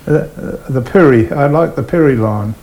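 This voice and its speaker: An older Australian man recounts his railway days in an unhurried, storytelling voice. He slips into the voices of the people in his tales as he goes. His voice sits at an ordinary middle pitch for a man. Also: poor audio. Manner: animated yarn-spinner, voices people in his stories. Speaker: retired train driver. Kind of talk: oral history interview storytelling.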